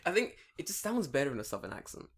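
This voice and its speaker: A man's voice: mid-range voice, fast talker, breathy edge. A man in his late twenties co-hosting a casual podcast, telling stories with lots of energy, swearing and laughing. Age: 20s. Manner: animated storytelling, swears freely, laughs often. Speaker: podcast co-host. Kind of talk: casual chat.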